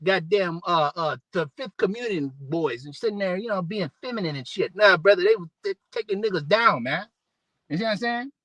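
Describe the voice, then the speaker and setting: A man delivers a rough, profane street sermon, reading out scripture between slangy asides. His voice sits high and bright and sharp. The recording is dry and close. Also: lively intonation, a little fast, no echo, low-quality recording. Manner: rough slangy preaching, reads scripture aloud, swears often; repeats "man" and "you know". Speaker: street preacher.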